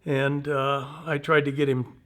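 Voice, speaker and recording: A man in his seventies, a veteran telling personal war stories in an interview, in an unhurried, halting, folksy way. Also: medium pitch, flat delivery, a bit bright. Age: 70s.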